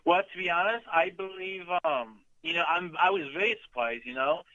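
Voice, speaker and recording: A man's voice: high voice, lively intonation, brisk, bright, forceful tone, dry recording, muffled recording. A man calling in to a talk show, chatting casually and hesitating with many ums. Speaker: caller. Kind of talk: casual chat on a call-in show.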